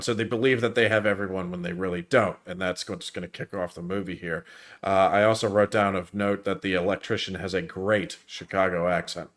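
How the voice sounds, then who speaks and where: A man's voice: lowish voice, a bit bright. A man co-hosting a casual review chat, recapping a movie plot in a rambling way with plenty of fillers. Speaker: podcast co-host recapping the film.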